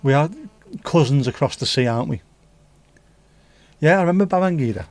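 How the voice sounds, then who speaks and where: With lively intonation and a slightly fast pace, this man from England speaks in a darkish voice on the high side. He hosts a livestream, chatting casually and reading viewer comments while rambling through jokey asides and swearing freely.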